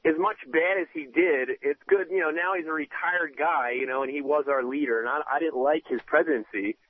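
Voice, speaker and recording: A man's voice: a little high, fairly quick. A man calling in to a radio show, rambling on with plenty of fillers. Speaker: caller. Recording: dry tinny phone line.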